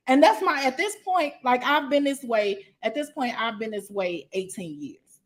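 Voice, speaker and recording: A woman's voice: on the high side, expressive, moderate pace. A woman author telling her story in an interview, blunt and profane, emphatic and laughing often. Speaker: guest, author.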